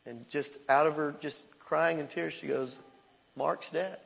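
Pastor, middle-aged man, higher gravelly voice, emphatic conversational sermon, reverberant hall. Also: steady tone, normal speed, a bit bright. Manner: conversational, emphatic preaching with repetitions.

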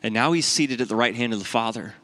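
A pastor telling a family story in a sermon, animated and conversational, his voice jumping up when he quotes himself. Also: quick pace. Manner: animated storytelling, rising in pitch when acting out dialogue.

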